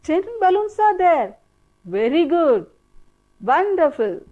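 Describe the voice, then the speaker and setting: A woman teacher with an Indian English accent, speaking high and sing-song with lively rises and falls. She works slowly and patiently, repeating each word and coaxing the class to say it back. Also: narrow, tinny audio. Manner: slow, repetitive, coaxing drill-style prompting. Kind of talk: televised classroom English lesson.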